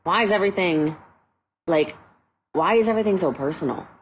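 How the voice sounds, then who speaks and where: A woman's voice: lowish voice, animated, a little fast, slight background noise, rough recording. A woman chatting casually in a vlog, rambling and using many fillers.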